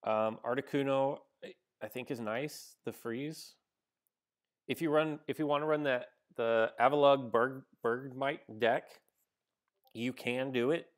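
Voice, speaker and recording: In a steady, medium-pitched voice at a measured pace, a male gaming streamer talks through the game he's playing live. His casual commentary wanders with frequent restarts and fillers like "um" and "like," and he answers viewers between moves.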